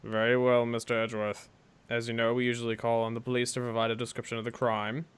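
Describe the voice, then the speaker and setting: A man reading the lines of a stern old courtroom judge in a formal, measured way. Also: mid-range voice, completely flat delivery, clean tone, lightly acted.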